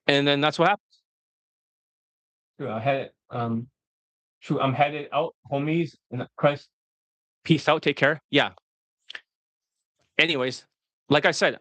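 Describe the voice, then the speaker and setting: A man's voice: mid-range voice, bright, forceful tone, no room sound. A man coaching students on dating in casual livestream talk, blunt and rambling, with frequent swearing.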